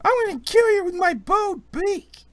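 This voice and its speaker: A man voicing a bratty little bird-person boy in a tabletop game, yelling in a shrill voice. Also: lively intonation, normal speed, no echo. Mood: excited.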